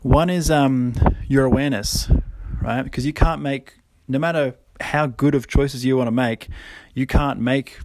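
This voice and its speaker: A man's voice: mid-range voice, fairly even intonation, measured pace, hardly any pauses, noisy background. A young man hosting a podcast, talking casually with many fillers and frequent laughs. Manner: rambling, lots of fillers, laughs often. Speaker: podcast host.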